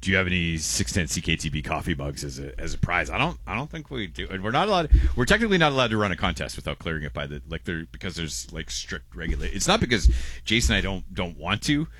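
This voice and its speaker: A man's voice: sits low, big pitch swings, quick pace, fairly bright tone. A man co-hosting a casual morning radio show, reading out listener messages and rambling with restarts and laughs. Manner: rambling, self-interrupting, laughs often.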